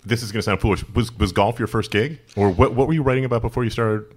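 A man's voice: mid-range voice, quick pace. A man hosting a golf podcast, upbeat and self-mocking as he chats with a colleague. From United States. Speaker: podcast host. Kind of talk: casual interview chat.

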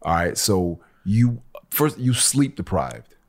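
A man with a very low voice spins a story on a casual podcast. He acts out every voice in his tale, laughs as he goes, and curses freely. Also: slow pace. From Los Angeles local. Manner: animated storyteller who acts out quotes, swears freely. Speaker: podcast co-host.

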